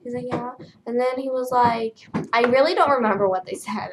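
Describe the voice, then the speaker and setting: A young woman vlogger tells a story in a tired, flat way and fills it with lots of "like" and "um". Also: on the high side, normal speed, background noise. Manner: tired, flat delivery with many fillers. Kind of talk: casual storytelling vlog.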